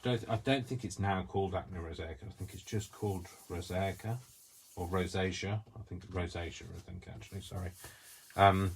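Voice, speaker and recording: A man's voice: sits low, brisk, gravelly, a little hiss or hum. A man hosting a crafting video, chatting in a rambling, self-deprecating way as he works. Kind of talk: casual chat while crafting.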